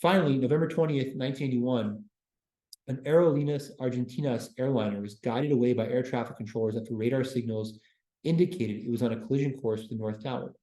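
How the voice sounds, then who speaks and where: Guy lecturing a class, cracks dry jokes, mellow tone, echoey room. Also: mid-range voice, quick pace. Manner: casual, with deadpan joking asides. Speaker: university lecturer. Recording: roomy classroom echo.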